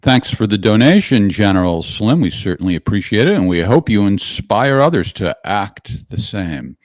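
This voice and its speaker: A man's voice: lowish voice, big pitch swings, normal speed, no room sound. A man hosting a live call-in show, genial and joking with callers. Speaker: show host.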